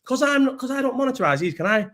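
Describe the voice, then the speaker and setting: A man's voice: extremely high pitch, expressive, fast, fairly bright tone. A young man with a Scouse accent hosting a casual live-stream chat, rambling, swearing freely and restarting his sentences.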